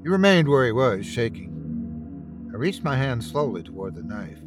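A man's voice: medium pitch, very animated, normal speed. A man narrating a first-person horror story with tense, dramatic delivery. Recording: with background music.

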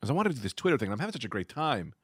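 A man in his thirties hosting a podcast, telling stories in an animated, laughing way and swearing freely. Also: mid-range voice, racing, breathy edge, no room sound, clean studio sound. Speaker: podcast host. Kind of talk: casual chat.

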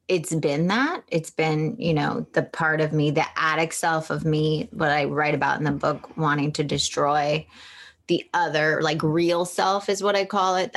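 Brief: woman author, lowish voice, candid and reflective, rambling phrasing. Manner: open, self-reflective, talks in loose run-on phrases. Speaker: author being interviewed. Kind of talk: candid podcast conversation.

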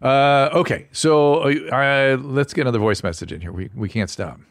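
A man's voice: mid-range voice, moderate pace, dry recording. An older man hosting a podcast in casual chat, with dry, wry reactions. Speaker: podcast host.

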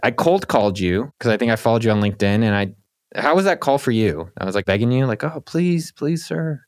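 A man hosting a podcast, talking in an upbeat, excitable, salesy way, then chatting casually with his guest. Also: fast talker, no echo, studio quality. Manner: upbeat, salesy, excitable delivery with sudden pitch jumps. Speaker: podcast host. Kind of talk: energetic podcast intro and casual interview.

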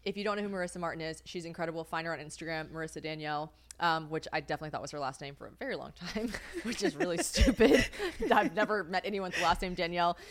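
A woman's voice: lowish voice, animated, fast, hardly any pauses, a little hiss or hum. A young woman co-hosting a podcast in casual chat, rambling, swearing freely and laughing often. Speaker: podcast co-host.

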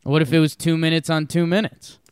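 A man's voice: fairly high pitch, little pitch movement, a little fast, smooth, no echo, studio quality. A man co-hosting a podcast, chatting casually about sports bets in a rambling, joking way with many restarts. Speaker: podcast co-host making betting picks.

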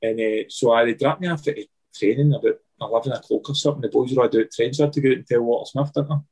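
A man's voice: medium pitch, very fast, husky, poor audio. A Scottish man, a former footballer, telling a wild story in casual chat, swearing and acting out what others said. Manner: animated anecdotal, acts out quotes, swears freely.

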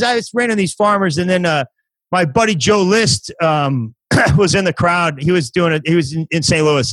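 A man's voice: a little high, fairly bright tone, no room sound, low-quality recording. A man, a comedian guest on a podcast, telling stories in a rambling, self-mocking way during casual chat.

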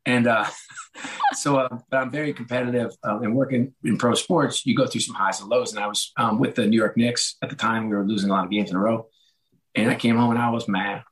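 Give me a hoarse middle-aged man telling lively stories in an interview, voice neither high nor low. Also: brisk, low-quality recording. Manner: animated, acts out quoted voices. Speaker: author and guest. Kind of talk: casual interview storytelling.

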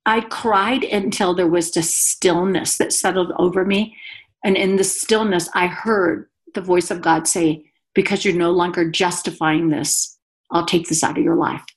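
A woman's voice: fairly low pitch, steady tone, a little slow. A woman guest giving an earnest, emotional personal testimony in conversation, a mother speaking about her life. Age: adult mother.

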